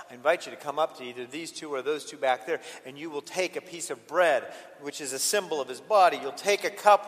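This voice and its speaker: A male pastor preaches with a high, ringing voice in a church sanctuary. He swings from loud, emphatic peaks to hushed, intimate asides. The sound carries a long reverb from the hall. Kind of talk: sermon.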